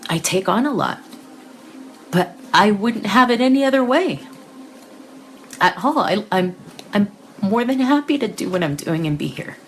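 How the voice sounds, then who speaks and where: A woman hosting a live psychic reading session, talking casually and emotionally to her viewers, tearful, with soft laughs and restarts. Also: medium pitch, lively intonation, measured pace, pauses often, a little hiss or hum.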